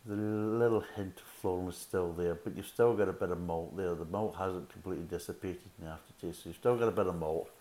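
A man's voice: low voice, brisk, hardly any pauses, dark tone. A middle-aged man giving a casual, rambling beer review with chatty asides. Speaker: beer reviewer, podcast host. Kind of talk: casual tasting review and chat.

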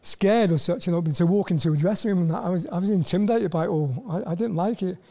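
An older Welsh man speaks in a high, mellow voice. He tells his stories in a halting way, restarting words and leaning on "you know" as he goes. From Wales. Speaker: guest, former footballer. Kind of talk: casual interview storytelling.

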